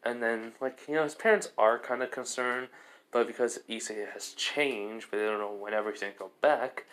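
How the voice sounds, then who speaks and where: A man's voice: medium pitch, normal speed, fairly bright tone. A man casually retelling a fan-made story in a rambling way, heavy on fillers.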